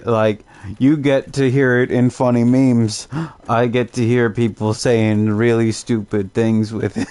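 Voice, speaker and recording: A man's voice: medium pitch, a little mellow, clear, resonant tone. A young man from Canada chatting casually while streaming a game, laid-back and rambling, often restarting his sentences and chuckling. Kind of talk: casual gaming commentary.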